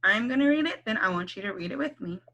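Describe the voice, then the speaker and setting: A woman teaching a kindergarten phonics lesson, speaking slowly and clearly, encouraging the children and stretching out letter sounds. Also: medium pitch, animated, bright, forceful tone, highs cut off.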